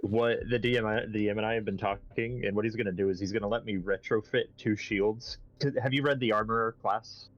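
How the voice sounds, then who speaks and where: A man's voice: lowish voice, fairly even intonation, fast talker, hardly any pauses, dull audio. A man playing in the tabletop game, eagerly rambling about his character's build in casual chat. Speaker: player.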